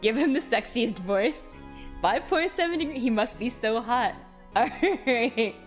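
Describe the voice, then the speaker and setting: Young female streamer, playful live game commentary, lively intonation, unhurried delivery. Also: fairly high pitch, faint music behind. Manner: giggly, playful, animated.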